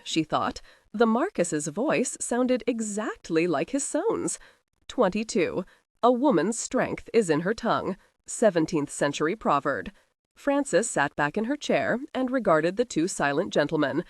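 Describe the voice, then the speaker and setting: Woman audiobook narrator, low-set voice, very lively inflection. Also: unhurried, no echo, clean studio sound. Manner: expressive storytelling. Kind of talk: scripted narration.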